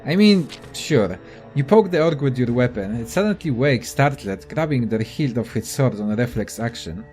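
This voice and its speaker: A man's voice: medium pitch, lively intonation, moderate pace, a little mellow, faint music behind. A young man casually commenting on a video game and reading its text aloud, offhand and profane. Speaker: let's play gamer.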